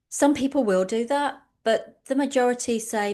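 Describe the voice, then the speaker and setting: A woman's voice: on the high side, animated, normal speed, hardly any pauses, darkish tone. A woman, an online business coach, giving a conversational webinar talk full of anecdotes and frequent ums. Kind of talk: webinar presentation.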